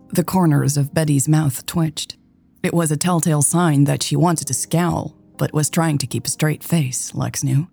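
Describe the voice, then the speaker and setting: A woman hosting a romance podcast and reading a story in a calm, measured way. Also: low voice, creaky, husky, soft background music. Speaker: podcast host and narrator. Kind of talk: audiobook story narration.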